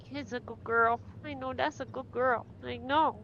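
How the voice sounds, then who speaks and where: A woman's voice: on the high side, steady tone, normal speed, few pauses, a bit bright, highs cut off, slight background noise. A woman streaming a game in casual chat, teasing and swearing a lot.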